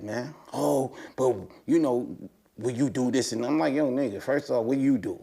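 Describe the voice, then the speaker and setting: Male guest, loose street talk, animated storyteller, voice spikes up when excited. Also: moderate pace, creaky, long pauses. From United States. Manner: animated storytelling, slangy and profane, voice rising high when excited. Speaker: interview guest. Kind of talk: casual conversation.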